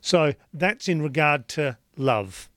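A man hosting a relationship talk show, explaining points slowly and deliberately in casual radio chat. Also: a little high, lively intonation, a bit bright, no echo, studio quality. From Australia. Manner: slow, deliberate explaining with light laughs.

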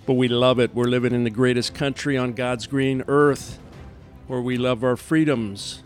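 A man's voice: mid-range voice, steady tone, normal speed, faint music behind. A man hosting a news commentary podcast in a folksy, emphatic way, full of "uh" fillers. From American Midwest. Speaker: podcast host.

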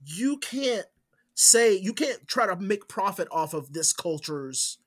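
A male podcast co-host in loose, casual chat. He tells his stories with lots of animation, cursing freely and jumping between loud bursts and low, hushed asides. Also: very animated, slow pace.

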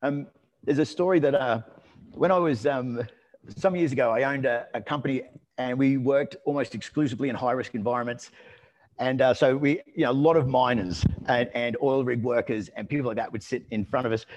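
A man telling a story in a relaxed conversational way, rambling with restarts and fillers. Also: mid-range voice. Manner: lively and amused when telling anecdotes.

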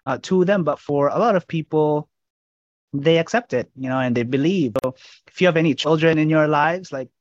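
A man's voice: a little high, moderate pace, no echo, highs cut off. A man hosting a podcast, speaking earnestly and thoughtfully to his guest and listeners. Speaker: podcast host. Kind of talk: podcast interview.

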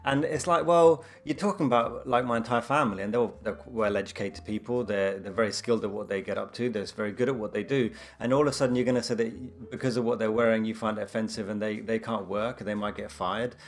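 A man telling personal stories in a casual conversation, animated and full of fillers like "you know". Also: fairly low pitch. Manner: fast, animated storytelling with many fillers.

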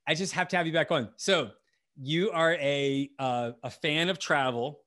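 A man's voice: a little high, measured pace, sharp tone. A man from the United States hosting a casual podcast interview, talking in a chatty, rambling way with many restarts. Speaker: podcast host.

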